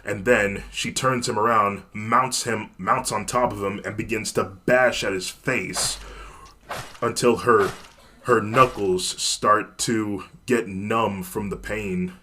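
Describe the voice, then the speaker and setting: A man narrating a fan story in a plain, even storytelling manner. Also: on the low side, slow pace, a little hiss or hum.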